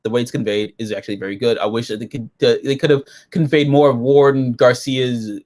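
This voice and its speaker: A man co-hosting a casual episode review, profane and excitable, jumping into silly quoted voices. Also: medium pitch, fairly quick.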